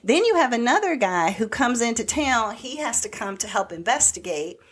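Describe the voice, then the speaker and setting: A woman's voice: on the high side, normal speed, husky. Chatty woman podcast co-host retelling a plot. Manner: animated storyteller recapping a TV plot, acting out quoted lines; rambling, with many "like" and "so anyway" fillers. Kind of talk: casual chat.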